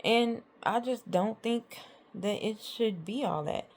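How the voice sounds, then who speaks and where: A woman's voice: fairly high pitch, slow, darkish tone. A woman vlogger telling a storytime about arguments with her partner, rambling and exasperated as she retells what was said. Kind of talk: casual storytime monologue.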